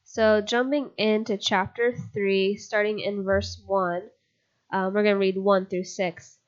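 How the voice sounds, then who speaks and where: A woman's voice: medium pitch, level tone, measured pace, highs cut off. A congested, slightly breathless woman co-hosting a casual Bible study podcast, chatty and upbeat with a lot of "like". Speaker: podcast co-host. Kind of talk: casual Bible study chat and reading aloud.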